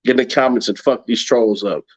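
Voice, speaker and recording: A man's voice: medium pitch, a little fast. A man hosting a late-night livestream, ranting profanely and mockingly at critics, laughing often. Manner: brash, mocking, laughs a lot. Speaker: livestream host. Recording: dull lo-fi stream audio.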